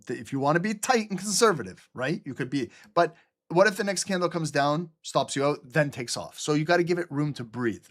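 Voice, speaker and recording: A middle-aged man hosting a live trading stream, blunt, sarcastic and profane, with typing heard behind him. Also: a little high.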